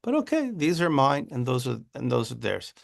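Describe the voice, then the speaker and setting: A man leads an informal study class, talking in an animated way that is full of restarts and quick check-ins with the room. His voice sits in the middle range. It has a noticeably gravelly, creaky texture. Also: mid-range voice. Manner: animated, repeats words and restarts, says "right?" often. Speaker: teacher of a text class. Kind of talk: informal teaching talk.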